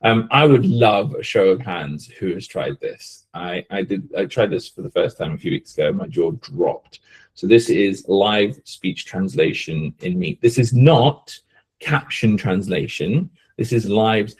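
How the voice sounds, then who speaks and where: A lower-pitched man with a slightly husky voice, presenting a live webinar over a video call. He sounds enthusiastic and throws in quick asides. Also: animated.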